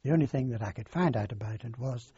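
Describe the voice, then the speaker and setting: Older man, rambling recollection, breathy voice, dull lo-fi sound. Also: mid-range voice, warm tone. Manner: halting, rambling storyteller with many fillers. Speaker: interviewee. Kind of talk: oral history recollection. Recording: dull lo-fi dry recording.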